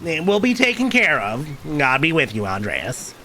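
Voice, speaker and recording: A streamer voicing a calm, pious male priest in a game. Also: mid-range voice, normal speed, slight background noise, full character voice, rough recording. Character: kindly male village priest. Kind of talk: game dialogue read aloud.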